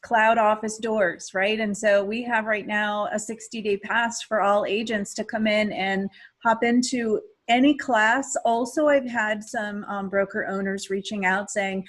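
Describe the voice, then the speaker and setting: A woman's voice: mid-range voice, steady tone, measured pace, poor audio. Upbeat woman host, plain mid voice, asks questions. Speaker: podcast co-host. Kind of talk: casual interview chat.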